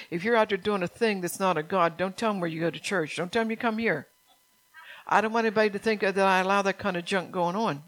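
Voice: mid-range voice, fairly bright tone. Stern, urgent preacher. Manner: stern, urgent preaching with repeated phrases and rhetorical questions. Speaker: pastor. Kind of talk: sermon.

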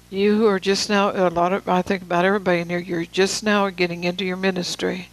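A preacher giving a sermon, reading scripture with slow, deliberate emphasis and casual asides to the room. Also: medium pitch, level tone, rough recording.

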